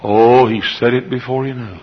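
A man preaching a revival sermon at a church service, hammering repeated phrases and swinging between loud shouts and hushed tones. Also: medium pitch, steady tone, normal speed. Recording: dull lo-fi recording.

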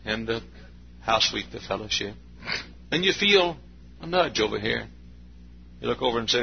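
A man's voice: medium pitch, lively intonation, moderate pace, gravelly, pauses often. A man preaching a sermon in a folksy storytelling way, acting out little scenes. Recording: dull lo-fi recording with faint hum.

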